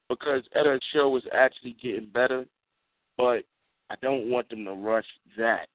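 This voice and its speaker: Casting note: mid-pitched man, insistent and repetitive in casual chat, dry lo-fi phone sound. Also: normal speed, no echo. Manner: repetitive, emphatic, says "you know what I mean". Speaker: podcast co-host.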